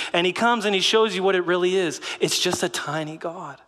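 A middle-aged man giving a sermon in a lively, conversational way, with rhetorical questions and short laughs. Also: high-pitched, a little fast, in a large hall. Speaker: pastor.

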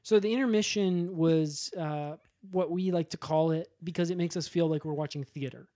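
Giggly rambling podcast co-host, mid pitch. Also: normal speed, mellow, no room sound, clean studio sound. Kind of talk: casual comedic banter.

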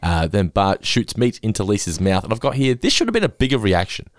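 Animated, swearing man in a casual chat. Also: fairly low pitch, brisk, no room sound, clean studio sound. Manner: profane, animated storytelling with laughter. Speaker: podcast host.

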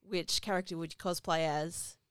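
A woman's voice: on the low side, steady tone, normal speed, smooth, dry recording, studio quality. A woman co-hosting a podcast, chatting casually as she recaps a film's plot. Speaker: podcast co-host. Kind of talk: casual movie discussion.

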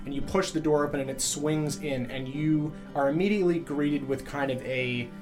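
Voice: mid-range voice, steady tone, normal speed, music in the background. Rambling tabletop game master. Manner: rambling, filler-heavy scene description.

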